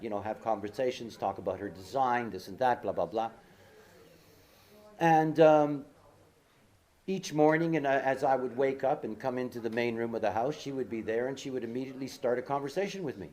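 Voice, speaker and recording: A man's voice: medium pitch, darkish tone. A man giving an informal lecture with personal stories. He rambles, uses many fillers and asides, and repeats key words for emphasis. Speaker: speaker giving a talk.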